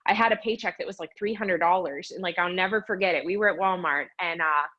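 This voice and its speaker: A woman's voice: on the low side, fast, lo-fi sound, a little hiss or hum. A young woman from western Pennsylvania, a fitness coach guesting on a podcast, telling her story in a chatty way and saying "like" constantly. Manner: chatty, fills speech with "like", animated retelling. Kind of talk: casual storytelling interview.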